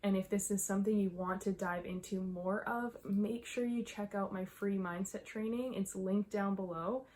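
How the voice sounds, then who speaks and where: A young adult woman talking to camera as a mindset coach, slightly out of breath, emphatic and quick to laugh. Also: medium pitch, steady tone, a little mellow, slight background noise. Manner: emphatic, repeats herself, laughs often. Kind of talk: casual talk to camera.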